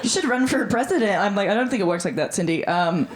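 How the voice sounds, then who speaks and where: A woman's voice: medium pitch, animated, quick pace, background noise. A woman in her thirties with an Australian accent performing a stand-up comedy set in a chatty, breezy way and acting out the voices she quotes. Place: comedy club stage before a live audience.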